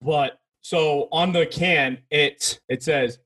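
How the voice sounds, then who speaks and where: A man's voice: on the high side, takes it slowly, sharp tone. A man co-hosting a casual beer podcast, easygoing and laid-back as he talks about his beer. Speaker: podcast co-host.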